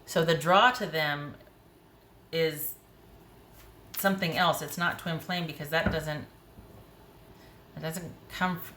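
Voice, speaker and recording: A woman's voice: deep voice, a bit bright. A woman giving a tarot reading to camera in a frank, conversational way, talking to herself as she pulls cards. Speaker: tarot reader. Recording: echoey room with faint noise.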